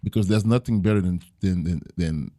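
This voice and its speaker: A man with a very deep voice speaks earnestly in a casual podcast interview. He tells his stories reflectively and often pauses on fillers. The sound is dry and close, with almost no room. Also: dark tone, dry recording. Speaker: jiu-jitsu gym owner and podcast guest.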